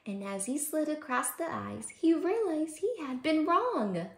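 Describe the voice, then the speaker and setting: A woman who teaches preschool, reading a children's bedtime story aloud in a gentle, expressive way. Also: high voice, a little slow, vocal fry. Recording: roomy echo.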